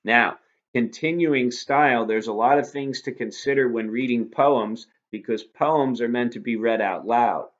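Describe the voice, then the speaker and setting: A man's voice: medium pitch, a little slow, lo-fi sound. A man teaching a recorded lesson, explaining patiently and asking rhetorical questions. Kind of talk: recorded lecture review.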